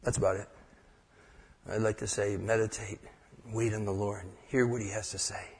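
A man's voice: lowish voice, little pitch movement, normal speed, vocal fry, darkish tone, breathy edge. A man preaching an informal sermon as pastor, folksy and joking, acting out short prayers. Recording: echoey hall with long reverb.

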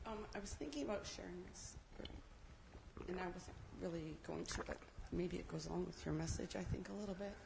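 A woman's voice: on the low side, fairly quick, creaky. A woman from the congregation sharing a testimony, hesitant with many fillers and tearful. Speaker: congregation member. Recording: roomy hall with long reverb, faint noise.

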